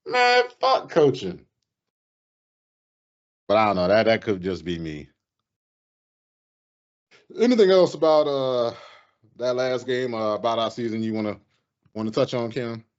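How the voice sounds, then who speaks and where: A man co-hosting a casual sports podcast, ranting with animated, profane energy. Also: mid-range voice, moderate pace, pauses often. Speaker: podcast co-host. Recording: dull lo-fi podcast audio.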